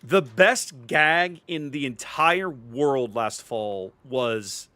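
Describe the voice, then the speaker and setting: A man's voice: mid-range voice, very slow, bright, forceful tone, no echo. A middle-aged man with a Cajun Louisiana accent, chatting upbeat as he hosts a live gameplay stream and greets his chat. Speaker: streamer host.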